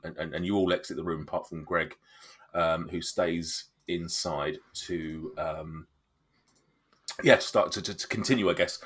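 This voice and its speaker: A deep-voiced man runs a tabletop game as its game master. He narrates hesitantly, with frequent fillers and restarts. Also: fairly bright tone, husky.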